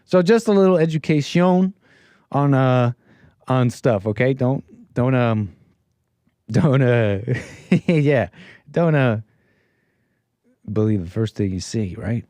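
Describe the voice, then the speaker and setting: A man's voice: mid-range voice, takes it slowly, long pauses, dark tone, no room sound. Rambling male live-streamer, dry close sound. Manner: rambling, chatty, laughs at his chat, many restarts. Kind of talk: casual live-stream commentary.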